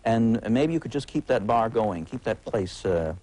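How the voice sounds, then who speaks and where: A man in his forties, a TV critic guesting on a talk show, speaking in a halting, wry way full of uh's and restarts. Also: medium pitch, animated, dark tone, poor audio. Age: 40s. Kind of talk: casual talk-show conversation.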